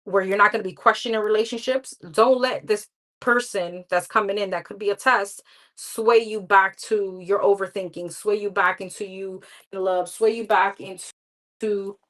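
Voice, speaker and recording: A woman's voice: mid-range voice, fairly even intonation, normal speed, a bit bright, low-quality recording. A woman giving live tarot readings in a candid, chatty way, talking straight to her viewers. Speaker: tarot reader.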